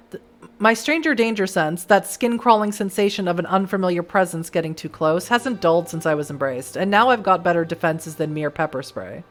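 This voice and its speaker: A hoarse woman streamer reading a story game aloud, animated and playful. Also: on the low side, fairly quick. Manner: animated, laughs between lines.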